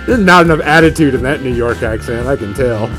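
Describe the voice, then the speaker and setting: A man hosting a podcast in a relaxed, joking way, swearing now and then over closing music. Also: fairly high pitch. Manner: loose, joking, swears casually. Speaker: podcast host. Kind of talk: casual chat. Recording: music playing behind.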